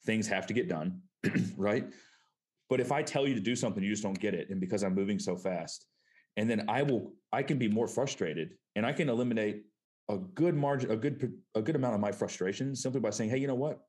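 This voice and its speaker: A man's voice: lowish voice, a little fast, darkish tone. A man talking in a casual conversation, earnest and reflective as he explains his point.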